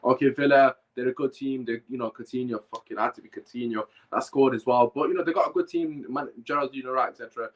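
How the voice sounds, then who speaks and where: A man's voice: mid-range voice, quick pace, few pauses, lo-fi sound. A man hosting a fan podcast, heated and emphatic, repeating his points, with a bad cough. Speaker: podcast host. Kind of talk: live fan podcast rant and chat.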